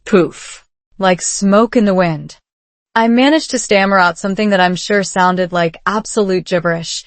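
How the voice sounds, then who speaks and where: A woman narrating a first-person story slowly and clearly, for learners. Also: mid-range voice, no echo. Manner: slow, clear reading for learners. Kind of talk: slow scripted story narration.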